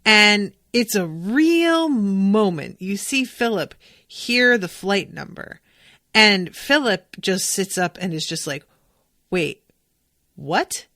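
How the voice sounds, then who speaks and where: A woman hosting a podcast, chatting about a TV episode in an excitable way, swearing freely and acting out the characters' lines. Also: mid-range voice, takes it slowly, dry recording, studio quality. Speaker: podcast host recapping a TV episode. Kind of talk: casual chat.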